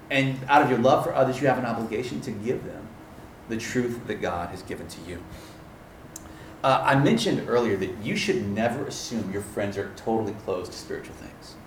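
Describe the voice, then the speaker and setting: A man preaching a sermon as a campus ministry pastor, telling stories in an animated way and often laughing. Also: mid-range voice, a little hiss or hum. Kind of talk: sermon with storytelling. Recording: echoey room, distant mic.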